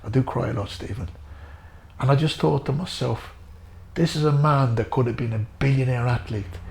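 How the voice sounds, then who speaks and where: Gravelly Irish man telling stories earnestly. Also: medium pitch, normal speed. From Ireland. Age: middle-aged. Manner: earnest, repetitive, addresses the host by name. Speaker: interview guest, former boxer. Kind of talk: emotional storytelling.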